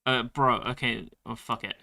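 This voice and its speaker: A man's voice: medium pitch, fairly even intonation, normal speed, creaky, bright, forceful tone, soft background music. A male streamer chatting casually about his game and reading chat messages aloud. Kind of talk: live-stream gameplay commentary.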